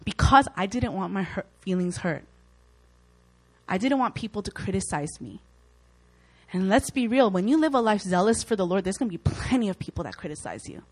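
A young Christian woman gives an informal, heartfelt Bible talk, her mid-range voice animated and brisk on a rough recording. She speaks earnestly and conversationally, acting out doubts and worried inner voices.

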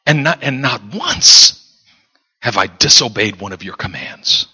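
Man putting on a resentful older brother, whiny, sarcastic, lower and rougher voice, echoey hall. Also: expressive, measured pace, pushed and bright, exaggerated voice. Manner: whiny, sarcastic, self-pitying.

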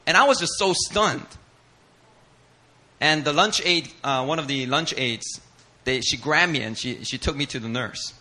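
A man whose first language is Korean, preaching a sermon as a pastor and telling stories in an animated way, acting out voices and laughing often. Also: fairly high pitch, a little fast. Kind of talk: sermon storytelling.

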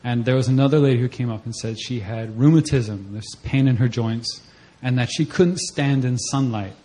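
A young man giving a personal testimony at a church service, telling the story in a conversational way and acting out his own reactions in a voice that jumps up high. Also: normal speed, dark tone. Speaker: church member giving a mission-trip testimony.

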